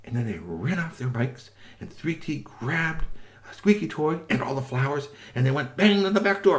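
A man narrating a bedtime story for children, his voice rising and falling with lively swoops. He tells it gently, with sound effects and the odd restart, at a mid pitch. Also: fairly quick.

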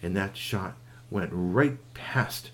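A man telling a bedtime story to a child, animated, with sound effects and asides to the listener. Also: sits low, takes it slowly.

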